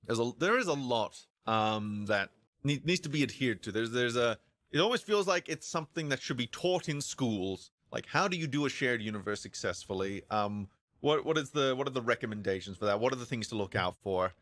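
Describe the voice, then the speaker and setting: A man's voice: mid-range voice, lively intonation, fairly quick, a bit bright, dry recording. A man ranting casually on a livestream, stammering and repeating himself, acting out both sides of imagined conversations. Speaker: streamer discussing films.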